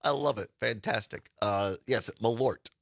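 A man's voice: medium pitch, moderate pace, gravelly, a bit bright, dry recording, clean studio sound. A man hosting a casual radio talk show, chatty and laughing often as he reads promos.

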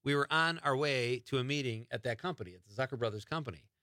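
A man's voice: medium pitch, fast talker, sharp tone, no room sound, clean studio sound. A man from Wisconsin hosting a radio show, chatting casually and rambling through a list of names. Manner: chatty, rambling name-dropping.

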